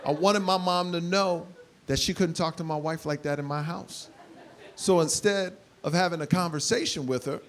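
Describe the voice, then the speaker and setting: A man in his forties performing stand-up on stage in front of a live audience, telling stories animatedly and bursting into loud impressions. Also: on the high side, steady tone, moderate pace. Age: 40s. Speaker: stand-up comedian. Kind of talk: stand-up comedy.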